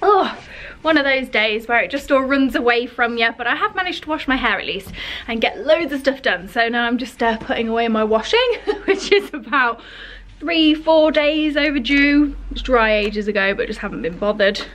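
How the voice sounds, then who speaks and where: Chatty high-voiced British woman vlogger. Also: animated, moderate pace, a bit bright, slight background noise. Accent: British English. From United Kingdom. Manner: chatty, candid, informal slang. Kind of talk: casual vlog chat to camera. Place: home, indoors.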